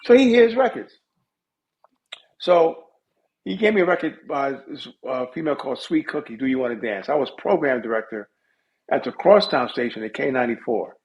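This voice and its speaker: A middle-aged man, a music industry guest, telling stories in a casual interview with lively asides. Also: on the high side, moderate pace. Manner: animated storyteller with lively asides. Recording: dull lo-fi audio.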